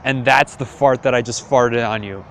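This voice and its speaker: A man's voice: medium pitch, steady tone, normal speed, fairly bright tone, a little hiss or hum, close to an everyday voice. A man voicing a sly, crude sick old husband, offhand and slangy.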